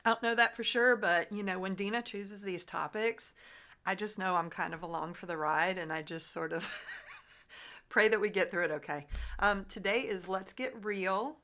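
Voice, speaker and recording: A woman's voice: mid-range voice, moderate pace, fairly bright tone. A woman hosting a podcast in upbeat, chatty casual talk. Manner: upbeat, chatty, says "y'all". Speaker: podcast host. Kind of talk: casual chat.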